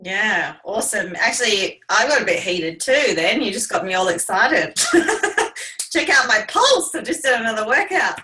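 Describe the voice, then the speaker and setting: A woman's voice: mid-range voice, big pitch swings, unhurried, pushed and bright. A woman host asking a guest questions in an upbeat, chatty way on a live stream. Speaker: host, team leader. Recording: voice distant from the mic.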